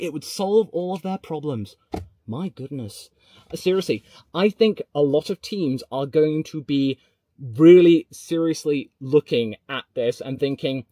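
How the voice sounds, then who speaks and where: A man reacting to news on a live stream, reading viewer comments aloud and swinging from mumbled asides to excited outbursts. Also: on the high side, no echo, clean studio sound. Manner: chatty, reads comments aloud.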